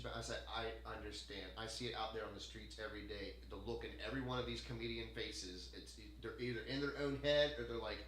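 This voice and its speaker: Rambling, swearing podcast host in an echoey room. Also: male voice, on the low side, fast, hardly any pauses, slight background noise. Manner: animated, rambling, swears a lot, laughs often. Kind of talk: casual chat. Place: room in a home.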